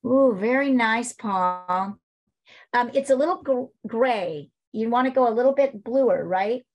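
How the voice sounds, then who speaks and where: A woman's voice: fairly high pitch, a little slow. A woman art teacher giving online painting instruction over a video call, encouraging and repeating her points as she coaches.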